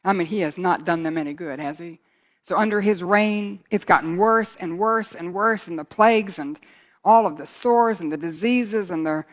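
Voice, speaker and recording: A middle-aged woman preaching a sermon, moving from hushed, slow phrases to loud, fervent reading of scripture. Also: mid-range voice.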